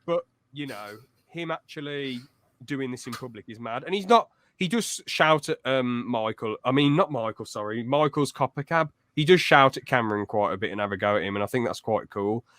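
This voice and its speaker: A young man hosting a podcast in casual chat, telling stories lively and acting out quotes. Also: medium pitch, normal speed. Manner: lively storyteller who acts out loud quotes. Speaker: podcast host.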